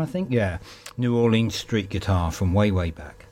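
Male music radio host, very deep voice, relaxed rambling back-announce. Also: normal speed. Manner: rambling, thinking aloud with many fillers. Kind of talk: casual back-announcing between tracks.

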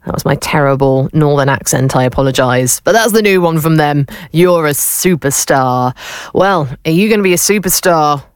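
A woman's voice: sits low, moderate pace, clear, resonant tone. A woman presenting a radio show, chatty and upbeat as she hosts a quiz. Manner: chatty and upbeat, lively delivery. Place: radio studio. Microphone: studio microphone.

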